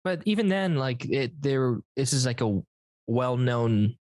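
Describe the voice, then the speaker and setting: Hesitant man, relaxed podcast co-host. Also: medium pitch, dry recording. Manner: hesitant, halting, full of filler words. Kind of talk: casual chat.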